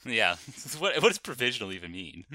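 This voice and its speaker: A man co-hosting a podcast in casual chat, joking and laughing often between lines. His voice is low and very bright, recorded dry and close to the mic. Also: sing-song, fairly quick, dry recording. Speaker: podcast co-host.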